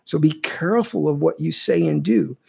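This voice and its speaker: At normal speed, this man speaks in a slightly high, husky voice with vocal fry and a little mellowness. He teaches spiritual ideas during a casual livestream, answering viewer questions, often asking "okay?" and repeating phrases.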